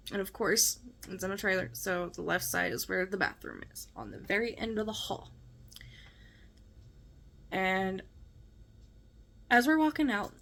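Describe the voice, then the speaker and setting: A woman's voice: mid-range voice, vocal fry, a bit bright. A woman vlogger telling a personal story in an emphatic, conversational way, often checking in with her listeners.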